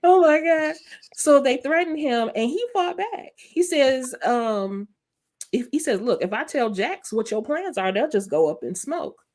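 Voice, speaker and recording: Woman, panel host, casual recap, chatty storyteller, higher pitch. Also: a little slow. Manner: chatty, animated storytelling with laughs.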